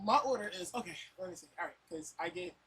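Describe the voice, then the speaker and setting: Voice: medium pitch, animated, fast, crowd noise. A podcast co-host in casual chat, brash and full of swearing. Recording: slightly distant mic with faint noise.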